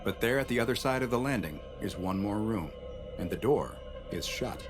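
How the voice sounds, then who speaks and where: A man giving scripted horror story narration in a measured, even delivery. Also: fairly low pitch. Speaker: narrator of the reacted video. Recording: narration over loud background music.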